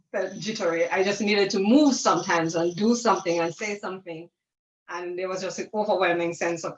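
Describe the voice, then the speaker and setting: A woman on a church panel, reading her own poem and reflecting with earnest, building intensity. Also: on the low side. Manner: earnest, rising intensity in repeated refrain. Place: church town hall. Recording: distant, roomy, dull-sounding.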